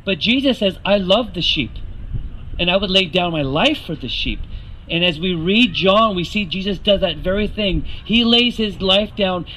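A man's voice: high-pitched, expressive, normal speed, sharp tone, slight background noise, poor audio. A man preaching a sermon, earnest and rising to emphatic questions to the congregation.

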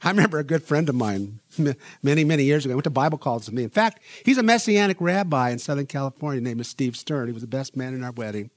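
A man's voice: mid-range voice, quick pace, dry recording. A middle-aged man preaching a sermon as pastor, telling stories animatedly and acting out the people he quotes. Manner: animated storytelling, acts out quoted voices.

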